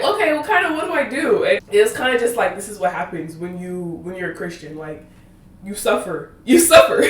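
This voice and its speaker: On her faith podcast, a young woman in her twenties chats casually, drifting into tangents, laughing, and coming close to tears. She speaks at a medium pitch from a distant mic that leaves a roomy echo.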